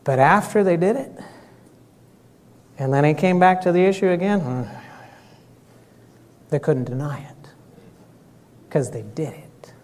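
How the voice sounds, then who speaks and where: A man preaching a sermon, often clearing his throat and acting out dialogue in a raised voice. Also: on the high side, measured pace, pauses often. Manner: animated, acts out dialogue with raised voice.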